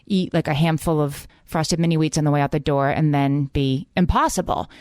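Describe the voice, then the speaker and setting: A woman's voice: low-pitched, brisk, a little mellow, no echo, studio quality. A woman in her forties co-hosting a casual parenting podcast, telling candid, self-deprecating stories about her kids. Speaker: podcast co-host.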